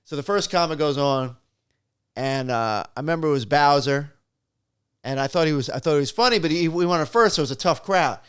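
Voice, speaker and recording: A middle-aged man, a stand-up comic, telling animated stories in a casual chat and acting out the voices in them. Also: a little high, a little fast, smooth.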